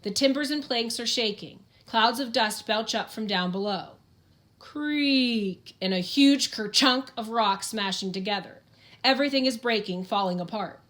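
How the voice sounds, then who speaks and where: A woman's voice: on the high side, unhurried, a bit bright. A woman reading a first-person audiobook in an earnest, plain-spoken storytelling manner. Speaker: audiobook narrator.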